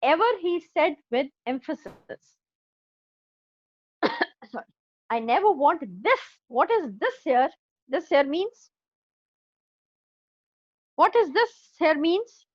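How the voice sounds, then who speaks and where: A woman's voice: very high-pitched, sing-song, slow, pauses often, no room sound, dull audio. A woman teaching an English class, explaining a story line by line with an Indian English accent and checking often that her students have understood.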